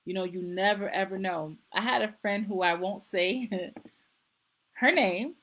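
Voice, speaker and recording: A woman's voice: medium pitch, slow pace, rough recording. Middle-aged woman host, earnest, casual, circles back on her words. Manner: warm, earnest, repeats herself. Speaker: nurse practitioner. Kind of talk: casual live-stream talk.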